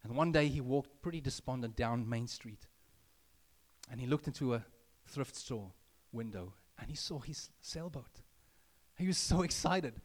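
A man's voice: fairly high pitch, moderate pace. A man preaching a sermon in a conversational way, with asides to the congregation and rising emphasis on key points. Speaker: pastor. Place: church building.

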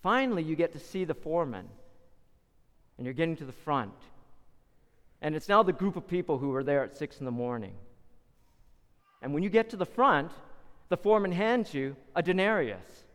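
A man preaches a sermon and tells the story with dramatic flair, acting out the voices of the people in it. His voice sits high and swings widely in pitch. A long hall reverb trails behind every phrase. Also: lively intonation, normal speed, long pauses, a bit bright.

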